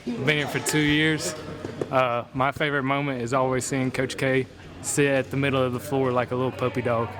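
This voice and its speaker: A teenage basketball player jokes about his coach during an interview. His voice is at an ordinary pitch. Crowd noise runs behind him. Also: level tone, fairly quick. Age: teens. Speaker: high school basketball player.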